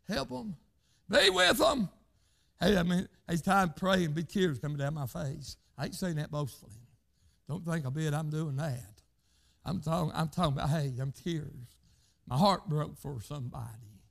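An older male preacher with a gravelly, fry-filled voice that's high for a man delivers a fervent sermon. He says "hey" again and again and breaks out into shouts.

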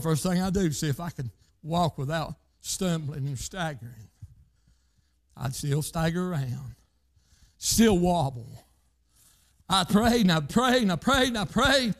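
A man with a drawl delivers a sermon in a high, light voice. He preaches fervently, punctuating lines with repeated interjections. His delivery leaps from shouting to near-murmured phrases. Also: animated, moderate pace. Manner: fervent, repeated "hey" interjections, swings between loud shouts and low quiet lines.

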